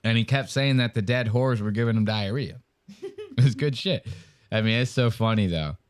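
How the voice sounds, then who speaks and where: A man's voice: on the low side, normal speed, clear, resonant tone. A man, a podcast host, chatting casually and retelling scenes with acted-out quotes. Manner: animated storytelling with acted-out quotes and laughs. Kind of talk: casual chat reacting to clips.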